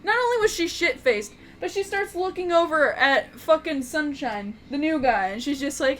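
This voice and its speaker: A woman's voice: sits high, lively intonation, moderate pace, hardly any pauses, fairly bright tone, faint music behind. A woman telling an unscripted tabletop game story, rambling, swearing and laughing. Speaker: YouTube storyteller, game master.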